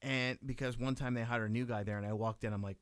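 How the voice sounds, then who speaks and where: A man's voice: medium pitch, fairly even intonation, quick pace, clean tone, no room sound. Podcast co-host, male, dry self-deprecating storyteller, close dead mic. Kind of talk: casual banter.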